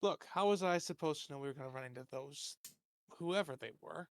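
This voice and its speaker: A whiny, excuse-making thug, as a man puts him on in a tabletop game, pushing back defensively in a fairly high voice with a dry, close sound. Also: a little fast, no echo, close to an everyday voice. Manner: defensive, complaining.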